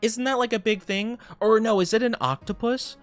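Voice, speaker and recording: At a moderate pace and high pitch, a male VTuber chats loosely with his audience mid-game, reading chat out loud. He rambles, laughs frequently, and perks up excitedly whenever he greets someone.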